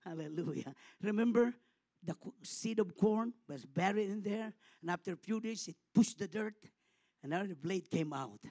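A middle-aged Filipino man preaching a sermon as a pastor, swelling to loud, impassioned passages and dropping to soft, tender ones. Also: sits high, animated, moderate pace, dry recording. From Philippines.

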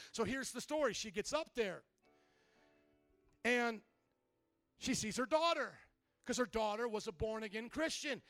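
Brief: emphatic male pastor, rousing sermon, very high voice, dry close sound. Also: lively intonation, measured pace, long pauses, fairly bright tone, no room sound. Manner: emphatic, rousing, calls for responses.

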